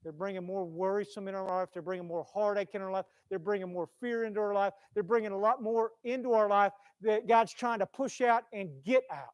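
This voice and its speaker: High-voiced guy preaching, gets loud then drops real quiet, repeats himself a lot, dry close sound. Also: steady tone, a little fast, few pauses, smooth, dry recording. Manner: impassioned, swings from loud to hushed, repeats phrases. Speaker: pastor. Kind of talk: sermon. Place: church.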